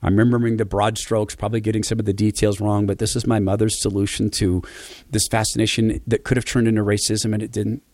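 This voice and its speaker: A man's voice: fairly low pitch, little pitch movement, fast, a little mellow, dry recording. A man from Spokane giving a reflective personal monologue, telling stories in an earnest, affectionate way. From Spokane, USA. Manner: storytelling, acting out quoted voices.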